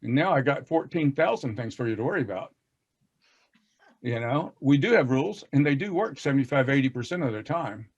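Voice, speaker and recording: A man's voice: mid-range voice, animated, brisk, husky, highs cut off. A man with a Southern US accent who talks in a folksy, self-deprecating way, laughing often as he leads a casual discussion about teaching reading on a video call. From American South.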